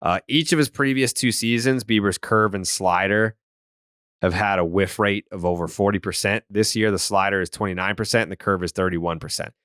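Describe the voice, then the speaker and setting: A man with a lowish voice hosts a casual sports podcast, reeling off baseball numbers and goofing through ad reads. His voice comes across smooth and clear. The sound is close and dry, with no room to it. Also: fairly quick, a bit bright, no echo. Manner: reads ad copy jokingly, rattles off baseball stats. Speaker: podcast host.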